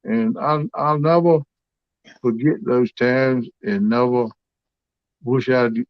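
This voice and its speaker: A man's voice: mid-range voice, slow, clear, resonant tone, no room sound, highs cut off. A man hosting a livestream, telling family stories in a folksy, drawling way. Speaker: livestream host. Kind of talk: casual storytelling chat.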